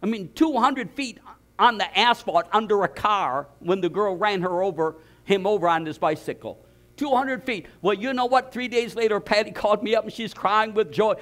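A male pastor with a notably high-pitched voice delivers a sermon in a church. He tells stories with lively energy and often stumbles and restarts mid-phrase. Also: normal speed. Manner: storytelling, animated, repeats words and restarts.

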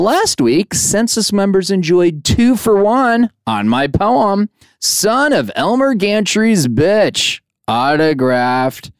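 A man's voice: smooth, no room sound, clean studio sound. Playful man hosting a podcast. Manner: playful and jokey, swinging pitch for comic effect. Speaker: podcast host. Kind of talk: casual podcast interview and outro. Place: studio at a music school.

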